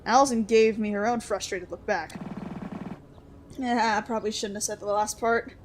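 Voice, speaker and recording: A woman streamer reading a story game aloud and joking between lines in an expressive manner. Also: mid-range voice, moderate pace, background noise. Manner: expressive, jokey.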